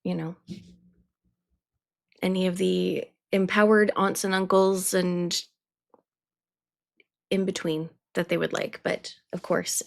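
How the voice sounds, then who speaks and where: Gravelly, flat-voiced woman playing a tabletop role. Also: on the low side. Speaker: player. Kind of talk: in-character role-play at a tabletop game.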